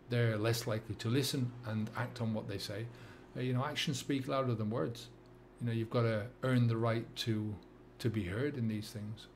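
A middle-aged man with a Dublin accent speaks in a slightly low voice as a sobriety coach. He talks earnestly and reflectively, often pausing on fillers and restarting his sentences. A faint hum of ambient noise sits under his voice. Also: darkish tone. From England and Ireland. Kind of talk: reflective monologue to camera.

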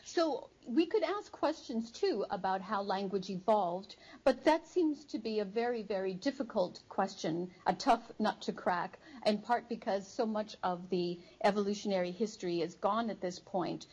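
A woman psychology professor giving an academic lecture to a live audience, explaining in a measured way with frequent ums and uhs. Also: mid-range voice, darkish tone, husky, lo-fi sound. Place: studio before a live audience.

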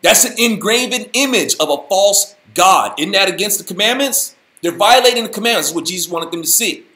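A man hosting a casual Bible study, talking in an animated, folksy, slangy way. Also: high voice, brisk, roomy sound. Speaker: host, Bible teacher.

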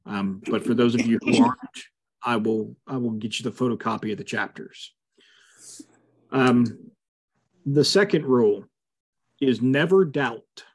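A man's voice: medium pitch, measured pace, pauses often, slightly rough. Man leading a casual Bible study. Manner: conversational, frequent fillers, emphatic asides. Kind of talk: casual teaching over a video call. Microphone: video call.

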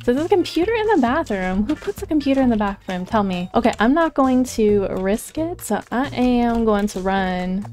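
A young woman hosting a gaming channel, giving excitable, giggly play-by-play commentary while keeping her voice down. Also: fairly high pitch, normal speed, few pauses. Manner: excitable, gasping and giggling, talking quietly. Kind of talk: casual gameplay commentary.

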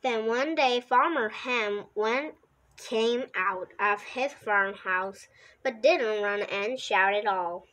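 Over a rough recording, a storybook reader with a somewhat high, fairly bright voice works through a children's picture book at an unhurried pace. She occasionally stumbles and restarts a line.

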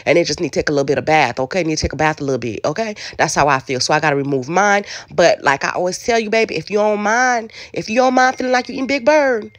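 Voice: mid-range voice, fairly bright tone, no room sound. A home cook giving a casual cooking tutorial in a kitchen, talking straight to viewers and calling them baby, in loose, colloquial speech with many repeats.

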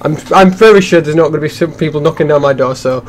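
A man's voice: a little high, fast talker. A young man hosting a game playthrough, telling a rambling story with many restarts in casual chat. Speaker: let's play host.

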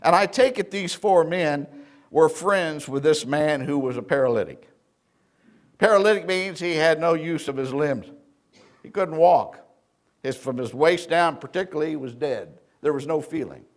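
A man's voice: a little high, moderate pace. A man preaching a sermon in a church, telling folksy stories with a Southern Indiana accent and calling out questions to the congregation. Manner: folksy storytelling preacher, call and response. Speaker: pastor.

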